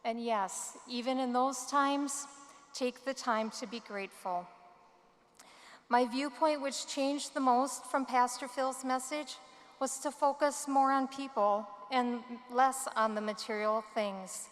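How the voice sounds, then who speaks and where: A woman giving a prepared commencement speech from a podium microphone, measured and earnest. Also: sits high, steady tone. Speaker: student commencement speaker. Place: large hall. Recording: long hall reverb.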